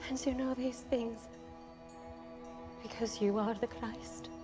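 A woman's voice: a little high, fairly even intonation, slow pace. An actress playing an emotional, outcast woman at a well in a TV drama scene. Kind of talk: TV drama dialogue. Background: music score.

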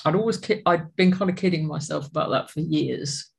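An adult sharing their personal recovery story at a support meeting, speaking in an earnest, reflective way with halting restarts. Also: mid-range voice, gravelly, breathy edge.

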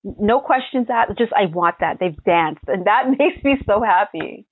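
A young adult woman pastry chef answering interview questions in an animated, chatty way, laughing often. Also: medium pitch, unhurried, slightly rough, dry recording. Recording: tinny phone-like line.

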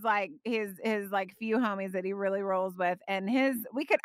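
A woman's voice: a little high, pushed and bright, no echo. Bubbly woman podcast host. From Texas. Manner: chatty and effusive, says y'all and okay a lot. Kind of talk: casual faith podcast chat.

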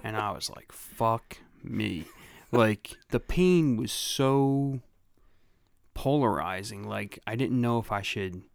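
A man's voice: mid-range voice, slow, gravelly, clean tone, no echo. A man co-hosting a casual podcast, telling stories from his youth with plenty of swearing. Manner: profane storyteller. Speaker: podcast co-host. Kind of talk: casual chat.

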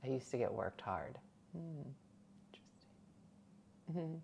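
A woman's voice: a bass voice, expressive, normal speed, creaky, darkish tone, slight background noise. A woman hosting a casual live chat from home, telling stories with quoted voices, laughing often and talking to viewers. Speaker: livestream host reading chat. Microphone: new desk mic.

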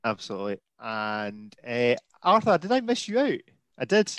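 A man's voice: mid-range voice, big pitch swings, normal speed, fairly bright tone, smooth, no echo. A man hosting a casual live video-call chat, easygoing and self-deprecating, often tripping over his words. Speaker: host.

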